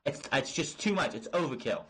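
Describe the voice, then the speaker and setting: Brisk and lively, a man with a medium-pitched, slightly bright and breathy voice hosts a wrestling review. He rants with exasperation and swearing, constantly restarting and filling gaps, and the audio is poor.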